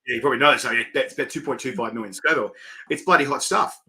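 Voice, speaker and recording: A bright-voiced man hosts a relaxed interview. He tells stories with energy and slips into other people's voices when he quotes them. His tone stays loose and easygoing. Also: medium pitch, racing. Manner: chatty storyteller, animated, acts out quotes. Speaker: interviewer and chilli event organiser. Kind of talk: casual chat. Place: online video call.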